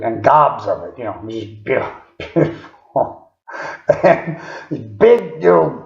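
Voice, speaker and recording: A man with a gravelly voice tells a personal story in a loose, rambling way, padding it with fillers and small chuckles. His pitch sits in an ordinary middle range. The recording is echoey and dull, with a lo-fi sound. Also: darkish tone.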